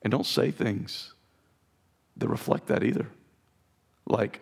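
A man preaching a sermon as pastor, with a raspy voice, earnest and direct with his congregation. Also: medium pitch, takes it slowly, long pauses. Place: church sanctuary.

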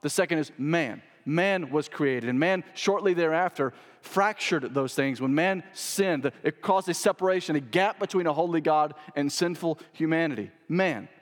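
A male pastor preaching a sermon, stressing key phrases by repeating them and moving from loud to hushed. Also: a little high, moderate pace, few pauses. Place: church sanctuary. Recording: long reverb of a church hall.

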